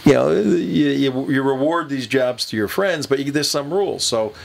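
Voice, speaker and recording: A man's voice: medium pitch, moderate pace, vocal fry. A man hosting a political talk radio show, telling a long rambling story with many fillers and chuckles.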